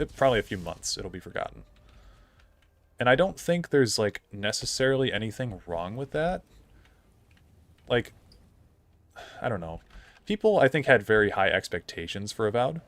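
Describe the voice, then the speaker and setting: A man's voice: fairly low pitch, a bit bright, no room sound. A young man streaming a game, chatting casually in a rambling, opinionated way full of fillers. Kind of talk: casual gameplay commentary.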